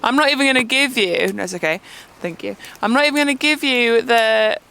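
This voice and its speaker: A woman on a beach by a fire, holding the microphone and reading out questions in a brisk, playful way. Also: on the high side, creaky, a bit bright. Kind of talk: casual chat. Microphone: handheld microphone.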